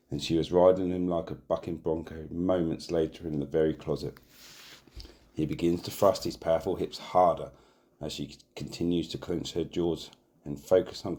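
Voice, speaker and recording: A man hosting and narrating a comic erotic audio story in a deadpan way, sometimes stumbling over words and laughing. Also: extremely low pitch. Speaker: narrator and host.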